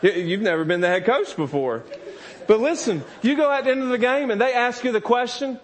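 A man's voice: very high-pitched, expressive, a little fast. A man in his thirties preaching a sermon, telling candid, self-deprecating stories about his young sons, laughing often and acting out their voices. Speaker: pastor.

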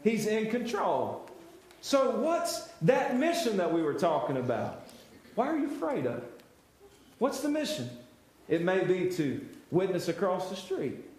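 A man's voice: sits high, huge pitch swings, unhurried, darkish tone. A male pastor preaching a sermon, building emphasis through repeated refrains and direct address to the congregation. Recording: very echoey church hall.

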